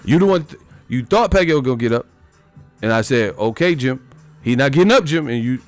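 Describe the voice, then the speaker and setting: A man doing an impression of a cocky ex-boxer commentator, loudly insisting he was right. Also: medium pitch, lively intonation, brisk, soft background music, close to an everyday voice. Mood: insistent. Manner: loud, insistent, I-told-you-so lecturing.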